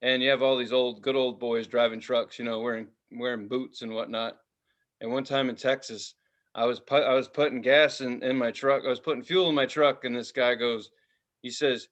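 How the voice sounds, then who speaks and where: A man co-hosting a casual podcast, telling a lively story and swearing freely. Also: medium pitch, normal speed. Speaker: podcast co-host. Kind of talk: casual chat.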